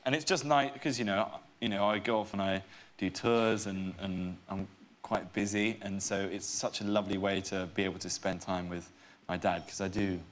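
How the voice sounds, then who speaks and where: A man's voice: low-pitched, steady tone, moderate pace, a little hiss or hum. A young man, a comedian guest on a talk show, telling stories animatedly and self-mockingly. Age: young adult. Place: TV studio with audience.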